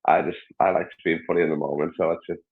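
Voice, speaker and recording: A man's voice: deep voice, flat delivery, rapid-fire, narrow, tinny audio. A man from Liverpool with a Scouse accent, a stand-up comedian chatting crudely and rambling as a podcast guest. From Liverpool, England. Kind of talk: casual podcast chat.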